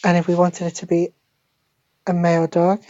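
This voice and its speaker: A woman giving a deadpan parody language lesson, speaking slowly and deliberately and repeating each word like a teacher. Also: lowish voice, no room sound. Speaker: mock French teacher. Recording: dull lo-fi phone screen recording.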